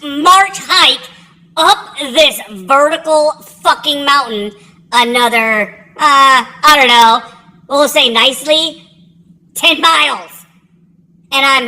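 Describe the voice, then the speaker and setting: A woman's voice: sits high, animated, measured pace, bright, forceful tone, poor audio. A woman telling a casual, rambling story about her own past, swearing freely and laughing at herself. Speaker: military veteran telling a story.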